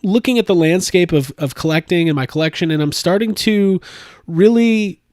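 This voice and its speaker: A man hosting a casual chat, rambling with lots of fillers and animated jumps in tone. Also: sits high, normal speed, no echo, clean studio sound. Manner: rambling, animated, laughs often. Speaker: podcast host.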